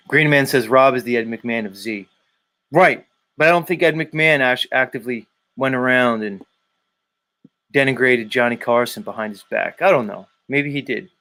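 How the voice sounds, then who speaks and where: A man's voice: mid-range voice, moderate pace, pauses often, bright, forceful tone. A man hosting a daily live stream, reading viewer comments aloud and teasing commenters by name in a rambling, casual way. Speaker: livestream host reading chat.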